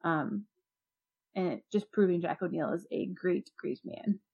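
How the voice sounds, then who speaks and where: A woman co-hosting a podcast, discussing an episode with lively, joking asides. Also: on the low side, measured pace, gravelly, slightly rough, dull audio. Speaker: podcast co-host.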